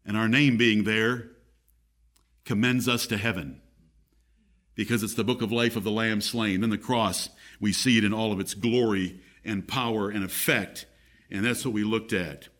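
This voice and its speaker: A man's voice: on the low side, a bit bright. A man preaching a sermon as pastor in a church, emphatic, his voice rising and falling.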